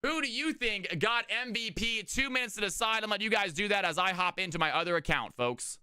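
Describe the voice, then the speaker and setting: Energetic male stream caster, crisp resonant voice, dry and close. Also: sits high, brisk, no room sound. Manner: hyped, energetic hype-man delivery. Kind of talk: live game-stream casting.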